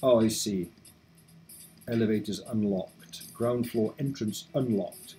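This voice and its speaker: Man, game playthrough commentary, mellow tone, faint music behind, chatty wry asides. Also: fairly low pitch, slow. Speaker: let's play host.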